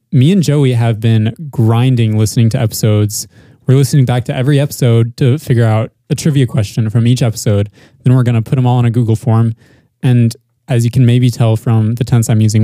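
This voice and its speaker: A young man hosting a casual podcast, running through segments in a relaxed way. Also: medium pitch, no room sound, studio quality. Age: young adult. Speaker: podcast host. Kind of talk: casual chat.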